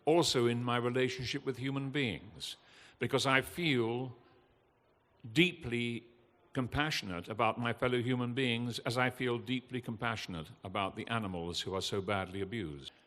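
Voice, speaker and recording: An older man, giving an impassioned, earnest talk from a festival stage, halting with fillers now and then. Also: mid-range voice, fairly bright tone. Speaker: guest speaker at a festival. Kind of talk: emotional public talk. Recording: long hall reverb.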